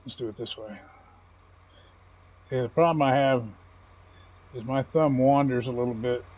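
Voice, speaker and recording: A man's voice: medium pitch, moderate pace, phone-quality sound. Folksy man chatting over gameplay. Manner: folksy, chatty, chuckles often. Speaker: gaming channel host. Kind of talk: casual gameplay commentary.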